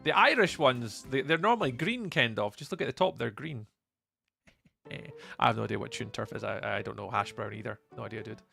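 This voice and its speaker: Scottish guy streaming, gravelly and bright, chatty, reads chat out, bit of music in the background. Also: mid-range voice, fairly quick. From Scotland. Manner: chatty, greets and thanks chat by name, reads messages aloud. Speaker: live streamer. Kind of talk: live gameplay stream, chatting with viewers.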